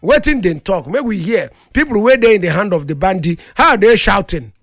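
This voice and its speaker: A man's voice: high voice, expressive, a little fast, a bit bright, no room sound. A man with a Nigerian Pidgin accent, hosting a radio show in a studio and giving impassioned commentary full of rhetorical questions. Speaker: radio host.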